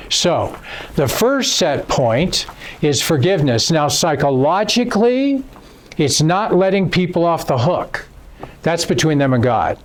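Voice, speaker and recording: A man speaking at a seminar, slightly high-pitched, with animated, emphatic delivery. He moves between stories and teaching points, and acts out the quotes in them. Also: unhurried. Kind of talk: lecture with storytelling. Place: seminar room.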